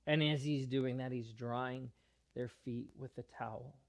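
A man's voice: mid-range voice, steady tone, measured pace. A male pastor preaching a sermon in an earnest, explanatory way, often restarting his phrases.

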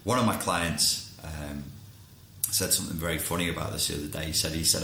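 A man's voice: extremely low pitch, steady tone, a little fast, vocal fry, bright, forceful tone, reverberant, a little hiss or hum. A man who coaches clients, talking frankly in a casual monologue and swearing freely.

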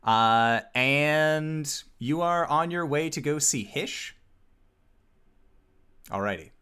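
A man's voice: on the high side, takes it slowly, pushed and bright, clear, resonant tone. A man acting as game master on a stream, talking in an upbeat, loose way with plenty of filler. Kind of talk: running a streamed tabletop game.

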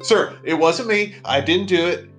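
A man voicing Harry Potter as a young boy wizard, speaking breezily in a quick parody aside. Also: high voice, fairly bright tone, faint music behind, pitched above the performer's own voice. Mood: defensive. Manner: breezy and chummy, then defensive.

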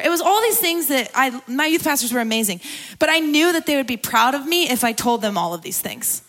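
A woman's voice: sits high, animated, fairly quick, fairly bright tone. A young woman sharing a candid personal testimony at a church gathering, talking casually and laughing often as she preaches. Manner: candid, conversational, laughs often, tearful at times. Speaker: guest speaker at a church gathering.

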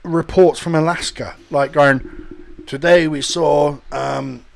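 A man's voice: fairly high pitch, fairly even intonation, takes it slowly, vocal fry. A young man telling crude, rambling stories in casual banter among friends, often slipping into silly voices. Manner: rambling storyteller, swears a lot, does silly voices.

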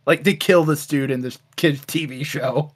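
A man's voice: on the high side, fairly even intonation, moderate pace. A man co-hosting a casual chat, animatedly retelling a cartoon with lots of swearing. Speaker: podcast co-host.

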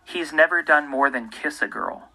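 A man, the host, giving scripted true-crime narration in a measured, pointed way. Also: a little high, vocal fry, bright, forceful tone, rough recording. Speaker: podcast host.

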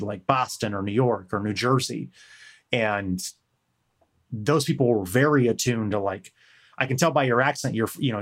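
A man in casual chat, telling a meandering story and swearing now and then. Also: mid-range voice.

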